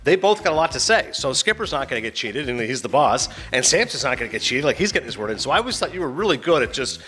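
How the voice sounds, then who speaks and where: Lively fast-talking male podcast host. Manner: animated, mimics movie lines in a high voice. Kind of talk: casual chat.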